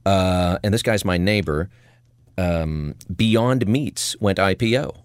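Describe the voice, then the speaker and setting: A man's voice: low voice, takes it slowly, smooth, no room sound, studio quality. A man co-hosting a podcast in casual chat, rambling and joking as he talks through odd news. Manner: rambling, jokey, animated. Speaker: podcast co-host.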